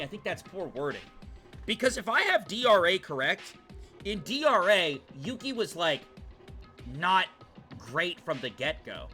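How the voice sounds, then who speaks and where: A young man streaming a game, rambling and chatting, breaking into loud excited jokes. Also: a little high. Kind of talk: live game commentary. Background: faint game music.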